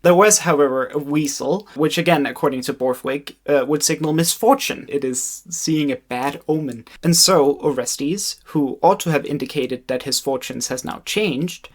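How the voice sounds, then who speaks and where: A man's voice: fairly high pitch, normal speed, hardly any pauses. A young man in his twenties narrating a casual educational video essay with joking, wry asides.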